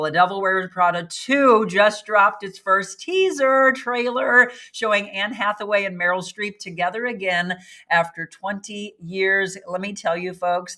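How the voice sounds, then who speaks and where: A chatty woman hosting a casual live show, running through headlines and greeting her viewers by name. Her voice is bright and forward, and her pitch sits in a middle range. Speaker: host. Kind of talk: casual live-stream news chat.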